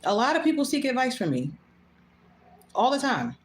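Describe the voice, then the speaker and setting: A woman's voice: high voice, very animated, normal speed, long pauses. A woman hosting her own show, talking bluntly and casually, swearing freely and laughing often. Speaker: host. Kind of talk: casual monologue. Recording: echoey room.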